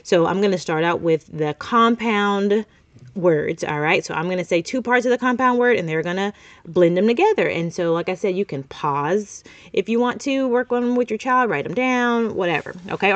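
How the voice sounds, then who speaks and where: A woman's voice: medium pitch, expressive, normal speed, no room sound, dull audio. A woman host, coaching young children on reading sounds in an upbeat, teacherly manner with sing-song emphasis, recorded in a small closet studio.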